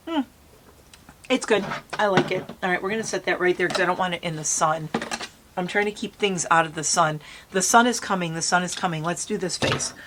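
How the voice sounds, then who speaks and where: A beauty vlogger with a lowish voice chats bubbly and casually with viewers while doing her makeup outdoors in a light breeze. The background is noisy.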